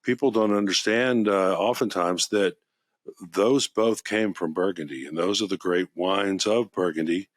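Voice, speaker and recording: A man with a somewhat low voice chats casually on a podcast about wine. He rambles happily from one story to the next, clearly excited by the subject. The recording is close and dry, with no room sound. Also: unhurried, no echo. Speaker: wine shop podcast host. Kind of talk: casual chat.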